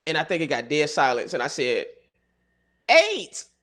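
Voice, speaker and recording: A man hosting a podcast, telling comedic stories in an animated way, with his voice jumping up when he gets excited. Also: medium pitch, fast talker. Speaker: podcast host. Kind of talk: casual comedic storytelling.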